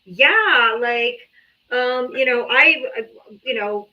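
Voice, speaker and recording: A woman hosting a live political call-in stream, talking bluntly and profanely in animated, casual storytelling. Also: a little high, takes it slowly. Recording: slightly dull lo-fi stream audio.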